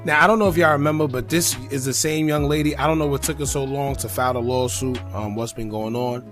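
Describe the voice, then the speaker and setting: A man's voice: mid-range voice, fairly even intonation, fast, music in the background. A man hosting a casual commentary show, chatty and promotional in tone. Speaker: host.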